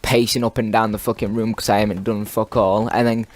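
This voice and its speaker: A man's voice: on the low side, little pitch movement, brisk. A teenage boy, telling a long rambling story over gameplay and swearing constantly. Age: teens. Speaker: gaming video commentator.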